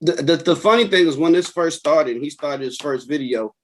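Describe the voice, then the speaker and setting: A man's voice: a little high, brisk. A man, a guest on a podcast, chatting casually and telling a story animatedly, acting out what others said. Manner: animated storyteller who acts out others' words.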